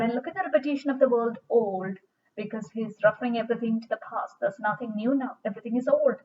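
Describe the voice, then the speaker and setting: A woman giving a recorded literature lecture, reading verse aloud slowly and dramatically, then explaining it with much repetition. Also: fairly high pitch, a little hiss or hum. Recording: dull distant recording.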